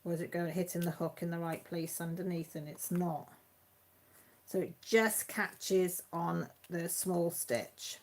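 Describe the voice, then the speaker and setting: A woman's voice: on the low side, vocal fry, a little mellow. A woman hosting a live chat stream, chatting casually and rambling with many restarts, sounding tired.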